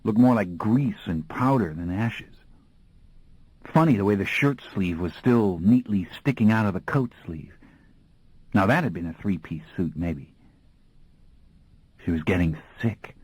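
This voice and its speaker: Husky male audiobook narrator. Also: fairly low pitch, animated, unhurried, long pauses, darkish tone, no echo, low-quality recording. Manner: folksy, slangy storytelling voice.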